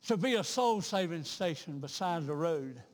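A man preaching a revival sermon in a church, talking in a rhythmic, repetitive way that swells into loud, fervent peaks. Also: on the high side, lively intonation, moderate pace, long reverb tail. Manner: rhythmic, repeats himself, builds to loud fervent crescendos. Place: church sanctuary.

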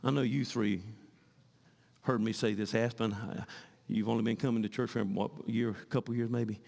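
A male pastor preaching a sermon in church, swinging from fervent shouting to hushed pleading. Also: fairly low pitch, fairly even intonation, normal speed, creaky, long reverb tail.

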